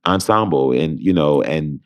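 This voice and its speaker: A man with a very low, deep bass voice tells his story with great animation, jumping into the voices of the people he talks about. He is a young adult from Detroit and a Broadway performer, speaking as a podcast guest in casual conversation. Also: unhurried. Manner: lively storyteller who acts out both sides of phone calls.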